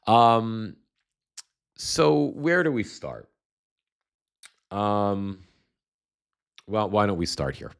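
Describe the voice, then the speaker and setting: A man with a very low voice hosts a casual live political commentary stream. He is sarcastic and rambling, often restarting his sentences. He is getting over a cold and still has a slight cough. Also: big pitch swings, drawn-out words, vocal fry, pauses often, clear, resonant tone. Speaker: livestream host.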